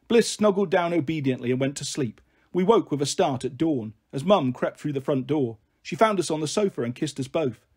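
A man narrating a children's novel in a gentle first-person storytelling manner. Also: fairly high pitch, moderate pace, slightly rough. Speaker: story reader.

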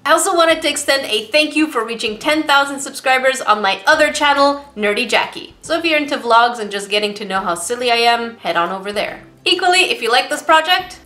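A woman's voice: a little high, pushed and bright. A woman hosting a craft tutorial in a casual voice-over, playful and full of jokey asides.

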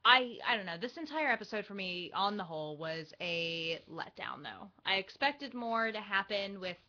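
A young woman co-hosting a casual fan podcast, frank and lively. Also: medium pitch, moderate pace. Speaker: podcast co-host. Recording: dull lo-fi livestream audio.

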